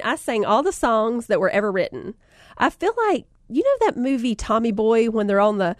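Her Southern US accent and slightly high voice carry casual, motivating talk about life lessons, full of vivid personal stories and laughter between lines. "Y'all" is how she often addresses her listeners. The recording is close and dry, with almost no reverberation.

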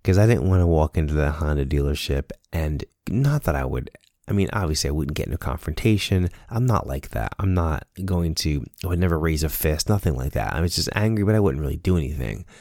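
Earnest male storyteller, deep and mellow, casual monologue, dry recording. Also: animated, a little fast, no room sound. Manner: earnest, storytelling with quoted dialogue. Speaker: speaker sharing a personal lesson.

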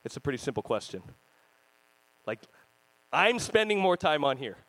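Animated high-voiced male pastor preaching. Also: moderate pace, poor audio. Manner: animated, jokey, acts out voices and screams. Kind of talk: sermon.

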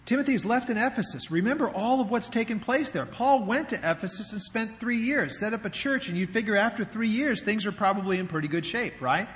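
A man's voice: high-pitched, lively intonation, a little fast, few pauses, fairly bright tone. A man preaching a sermon as pastor, in a conversational way with rhetorical questions, in a church sanctuary. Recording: long hall reverb.

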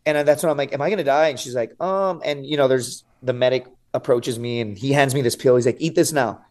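A man's voice: medium pitch, level tone, quick pace, a little mellow. A man in his thirties, a guest on a podcast, telling a story casually and with animation, swearing freely and often saying "dude" and "right?". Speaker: podcast guest, survival show contestant.

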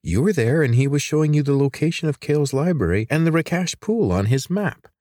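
A man voicing a sharp-tongued teenage girl inventor in a read-aloud story, blunt and sarcastic. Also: fairly high pitch, expressive, fairly quick, no echo, studio quality, pitched above the performer's own voice, lightly acted. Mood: brisk, impatient.

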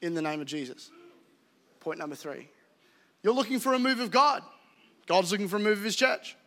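A man preaching a sermon as pastor, joking and animated, with acted-out asides. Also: sits high, brisk, big-room sound. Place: church auditorium.

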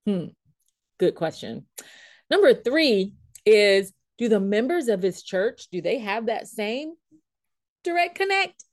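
Animated woman leadership coach telling a story. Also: mid-range voice, slow pace, no room sound, studio quality. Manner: animated, quotes people, laughs often. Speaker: leadership coach, consultant and trainer.

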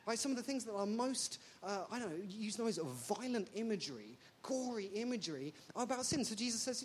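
A woman's voice: medium pitch, brisk, hardly any pauses. A woman delivers a sermon, her voice leaping up and down as she jokes. She keeps tossing rhetorical questions at her listeners. A faint hiss sits under her voice. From England. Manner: animated, jokey, full of rhetorical questions. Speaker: preacher.

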